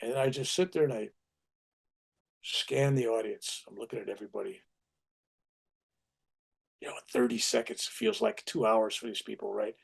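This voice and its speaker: Older male storyteller, gravelly low-key voice, lively acted-out quotes, conversational. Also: moderate pace, pauses often. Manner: animated anecdotes with acted-out quotes. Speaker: spiritual teacher.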